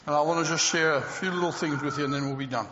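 A man preaching a lively, humorous sermon to a local church, stretching out words for emphasis. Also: a little high, background noise. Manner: animated preaching with humour, drawn-out emphasis. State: out of breath. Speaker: pastor. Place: church hall. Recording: echoey hall, slightly dull sound.

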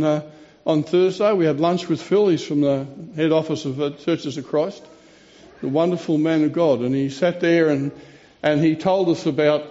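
Earnest preacher man, warm lo-fi sound. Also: fairly high pitch. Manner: earnest, storytelling, pauses and restarts. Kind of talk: sermon. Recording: dull lo-fi recording.

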